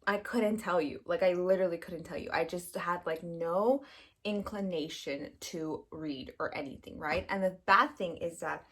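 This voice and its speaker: Young woman rambling excitedly to camera about books, kinda low voice, lots of "like". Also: moderate pace. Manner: chatty, gushing, lots of "like" and quoted reactions. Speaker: book vlogger. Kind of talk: casual chat.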